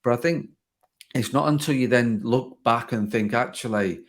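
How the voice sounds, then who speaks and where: A man's voice: medium pitch, moderate pace. A man hosting a podcast, talking casually in long rambling sentences full of "like" and restarts. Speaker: podcast host. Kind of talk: casual conversation. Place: home garden office.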